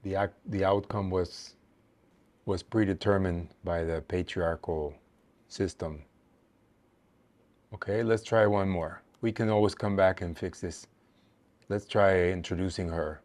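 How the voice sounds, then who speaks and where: Low-voiced man leading a songwriting workshop. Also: steady tone, unhurried, pauses often, a little mellow. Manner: thinks aloud with frequent "uh" fillers; counts syllables aloud, patient and explanatory. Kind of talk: teaching a workshop.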